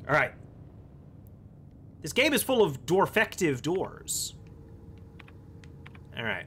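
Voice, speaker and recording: A man's voice: a little high, sing-song, slow pace, pauses often, a bit bright, a little hiss or hum. A man hosting a gaming video, rambling playfully and swearing freely as he plays. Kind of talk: let's play commentary.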